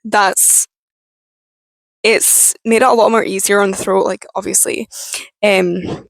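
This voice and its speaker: A young woman with a Scottish accent, talking frankly and haltingly in a personal vlog. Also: medium pitch, level tone, gravelly, no room sound, rough recording. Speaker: vlogger.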